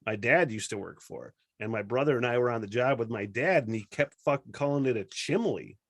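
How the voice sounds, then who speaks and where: Casting: man, mid pitch, dry close sound, loose profane podcast host. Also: animated, fairly quick, fairly bright tone, dry recording. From northern Michigan. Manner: profane, laid-back, rambling. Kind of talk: casual chat.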